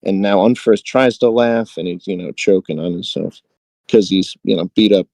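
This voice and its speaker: A man's voice: deep voice, normal speed, creaky, darkish tone, dry recording, poor audio. A man co-hosting a podcast, chatting casually with many fillers and reading book passages aloud with light dramatic emphasis. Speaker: podcast co-host.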